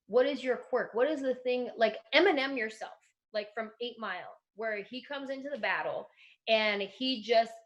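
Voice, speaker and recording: A woman comedian in her thirties, talking casually in an interview and acting out quoted voices as she gives advice. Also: fairly high pitch. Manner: animated, acts out quoted voices. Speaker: comedian guest.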